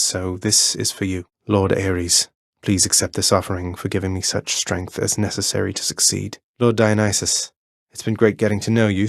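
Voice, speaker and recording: An actor voicing a young underworld prince in a video game, polite and earnest with elders, cheeky and wry with friends. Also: male voice, low-pitched, no room sound, studio quality.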